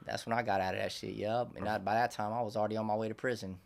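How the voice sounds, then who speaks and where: A man's voice: fairly low pitch, steady tone, very fast, gravelly. A young man telling his life story in a casual interview, in loose street slang with lots of restarts and fillers. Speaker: interview guest.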